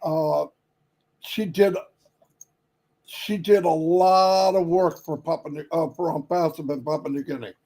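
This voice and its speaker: Easygoing high-voiced man rambling on a live. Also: fairly even intonation, a little slow, pauses often, a little mellow, low-quality recording. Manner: easygoing and rambling, with fillers and side remarks. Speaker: company leader on a livestream. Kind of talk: casual livestream chat.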